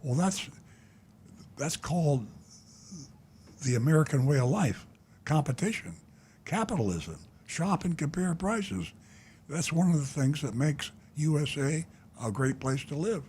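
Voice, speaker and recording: A man's voice: a little high, animated, measured pace, long pauses, a little mellow, a little hiss or hum. Blunt, indignant older man hosting a talk show. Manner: blunt, indignant, rambling with many "uh" fillers. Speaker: talk show host, car dealer. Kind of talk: call-in radio-style talk show.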